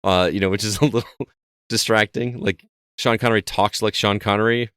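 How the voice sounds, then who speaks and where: A man's voice: on the low side, fairly even intonation, brisk, fairly bright tone, smooth, dry recording, clean studio sound. A man co-hosting a podcast, telling a rambling story in casual chat with frequent restarts. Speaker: podcast co-host.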